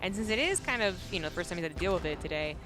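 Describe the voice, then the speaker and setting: A woman's voice: on the low side, lively intonation, racing. A Canadian woman co-casting a strategy game match, playful and laughing often as she analyzes. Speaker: esports co-caster. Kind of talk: color commentary. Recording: faint music behind.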